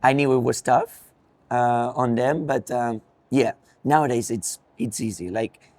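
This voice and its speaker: A man's voice: mid-range voice, measured pace, a little mellow, no echo. A young man with a Spanish accent, a racing driver, answering interview questions thoughtfully with frequent ums and restarts.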